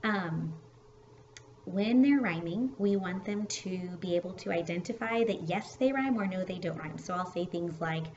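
A woman's voice: on the low side, slight background noise. Chatty woman teacher on a dull home recording. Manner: chatty, relaxed, with fillers and restarts. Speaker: kindergarten teacher. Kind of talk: casual teaching video for parents.

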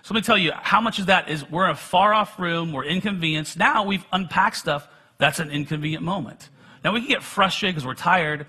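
A man's voice: on the high side, fairly quick, pushed and bright, slightly rough. A middle-aged man preaching a sermon, telling personal stories in a conversational way with self-deprecating humor.

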